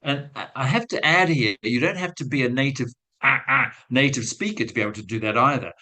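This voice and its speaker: A man's voice: mid-range voice, fairly quick, bright, forceful tone, low-quality recording. A man giving a webinar talk to teachers, telling a classroom story in a chatty, self-mocking way with acted-out quotes. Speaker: guest speaker on language teaching.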